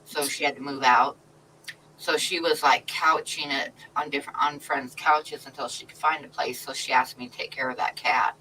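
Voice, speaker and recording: A woman's voice: a bass voice, fairly even intonation, moderate pace, sharp tone. A middle-aged woman hosting a livestream, telling a story in casual chat and laughing often. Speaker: livestream host. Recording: slightly distant mic with faint noise.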